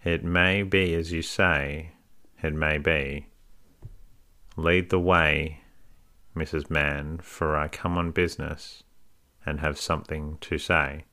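A man's voice: a bass voice, little pitch movement, takes it slowly, pauses often, bright, forceful tone, full character voice. A man voicing a fat, pompous, self-important parish official in a bedtime story, orotund and lecturing.

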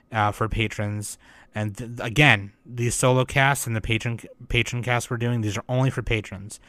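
A man's voice: lowish voice, fairly bright tone, no room sound. A man hosting his podcast in casual talk, emotional and sensitive, full of fillers and restarts. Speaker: podcast host.

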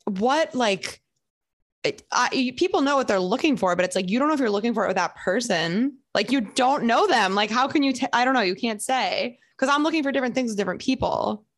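A woman's voice: fairly high pitch, a little fast. A young woman hosting a podcast, chatting casually and telling emphatic stories with acted-out quotes. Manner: animated storyteller, acts out quotes, emphatic. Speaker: podcast host. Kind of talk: casual chat.

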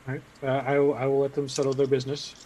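A man's voice: mid-range voice, completely flat delivery, fast talker, mellow, slight background noise, poor audio. A man playing a tabletop game, talking casually and matter-of-factly. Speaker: player.

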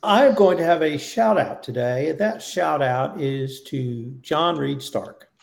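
Creaky-voiced man hosting a podcast. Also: a little high, slow. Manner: emphatic, building lists. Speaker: podcast host. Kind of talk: casual roundtable podcast chat.

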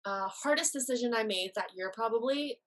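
A woman's voice: a little high, fairly quick, a bit bright. A woman guest on a podcast, candidly telling a personal story and acting out quoted dialogue.

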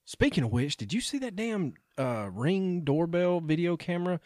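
A man's voice: high voice, lively intonation, moderate pace, a little mellow, dry recording, studio quality. A man co-hosting a podcast in casual chat, a joking storyteller with folksy slang. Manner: chatty storyteller, joking, Southern-flavored slang. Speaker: podcast co-host.

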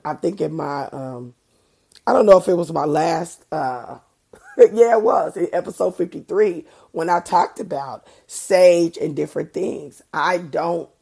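A woman's voice: low voice, vocal fry, warm tone, husky. A middle-aged woman hosting a faith podcast, talking earnestly and conversationally with preacher-like emphasis, a bit congested from allergies. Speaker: podcast host. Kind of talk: faith-based podcast monologue.

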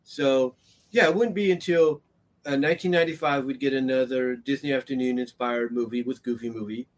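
A man talking about cartoons in a casual, rambling monologue, full of fillers and restarts, and he gets more excited as he goes. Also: mid-range voice, a little fast, a little hiss or hum. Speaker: commentator on animation history.

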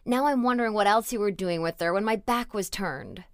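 A woman's voice: mid-range voice, fairly quick, no room sound, clean studio sound, pitched above the performer's own voice, close to an everyday voice. A woman narrator voicing a hurt, jealous older woman in a long relationship, talking in a raw, accusing way. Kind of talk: audiobook character reading.

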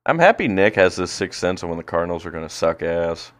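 A man's voice: sits low, very animated, fast talker. A man co-hosting a casual podcast, rambling and swearing with lots of fillers while reacting to a baseball game. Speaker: podcast co-host.

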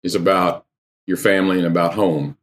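An older man talking as a podcast guest, giving advice in an animated, conversational way. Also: deep voice, fairly quick.

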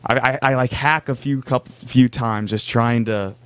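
A man's voice: medium pitch, fairly even intonation, moderate pace, clean tone, dry recording. A young man casually telling a long story on a podcast, rambling with lots of fillers. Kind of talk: casual chat.

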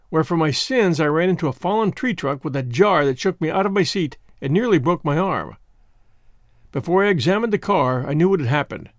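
A male audiobook narrator with a high, very lively voice, telling a first-person adventure in a measured way. The recording is dry and close, with no room sound. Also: no echo. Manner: measured storytelling with acted dialogue.

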